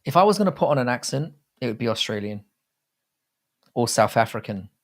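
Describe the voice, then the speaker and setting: Expressive and a little fast, his mid-range voice belongs to a young man from England with an English accent. He hosts a live chat stream, chatting loosely, swearing plenty and reading out what viewers write.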